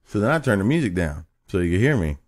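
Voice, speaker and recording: A podcast host with a lowish, very animated voice rattles off a crude story at a fast clip during casual chat. He rambles, swears freely, and laughs his way through the telling.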